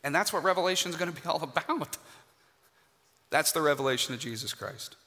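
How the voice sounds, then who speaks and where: A man preaching a sermon in a church, emphatic and dramatic, with pauses for effect. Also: on the high side, expressive, bright, forceful tone. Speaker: guest preacher. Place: church sanctuary. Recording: hall reverb.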